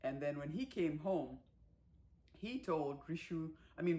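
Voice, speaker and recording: A woman giving a casual movie recap, chatty and animated, with lots of fillers and acted-out quotes. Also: low-pitched, normal speed, a little hiss or hum. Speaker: movie reviewer.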